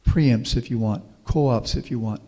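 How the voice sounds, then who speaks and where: A middle-aged professor from Houston, Texas, is a guest speaker giving a folksy public talk full of anecdotes and taking audience questions. His mid-range voice is mellow and a little slow. A meeting hall's long reverb surrounds him.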